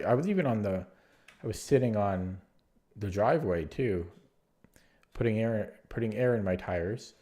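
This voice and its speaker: A man's voice: lowish voice, expressive, moderate pace, pauses often, dark tone. A man with a nasal, allergy-stuffed voice thinking aloud as he plays online chess, muttering his moves to himself. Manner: muttering move calls to himself, hesitant. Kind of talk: thinking-aloud game commentary.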